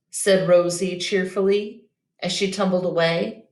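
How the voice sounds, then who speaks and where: A woman teacher reading a children's picture book aloud, slow and expressive, in an echoey room. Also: mid-range voice.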